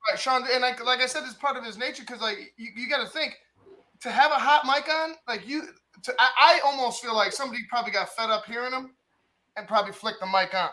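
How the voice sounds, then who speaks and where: A man on a sports talk show, animated, stumbling and repeating himself as he retells reactions. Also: extremely high pitch, fast, rough recording.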